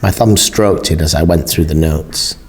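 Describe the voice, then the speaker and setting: A man reading a first-person novel aloud as an audiobook narrator, measured and expressive. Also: extremely low pitch.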